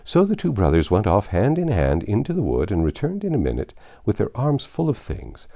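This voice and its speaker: A man with a very low, gravelly voice reads a classic storybook aloud. His delivery is theatrical, with wide sweeps of pitch and a dark, mellow tone. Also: brisk, hardly any pauses. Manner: expressive, theatrical reading. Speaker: narrator. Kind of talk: scripted narration of a classic novel.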